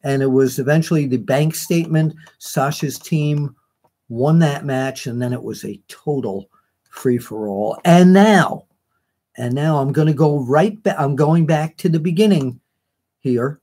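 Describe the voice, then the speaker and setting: A man's voice: fairly high pitch, unhurried, dark tone. A man hosting a live online show, chatting casually and reading out viewer comments in a rambling way, with many fillers and self-corrections.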